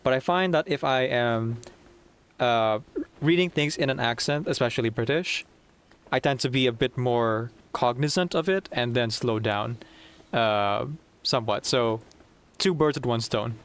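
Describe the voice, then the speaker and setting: A man chatting casually while playing through a game story, excitable and rambling with frequent giggles. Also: mid-range voice, unhurried, smooth. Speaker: game streamer. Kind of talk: casual gameplay commentary.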